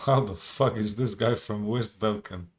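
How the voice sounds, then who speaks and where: Brief: male streamer, casual reaction commentary, repeats himself insistently, unhurried. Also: fairly low pitch. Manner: repetitive, insistent, swearing.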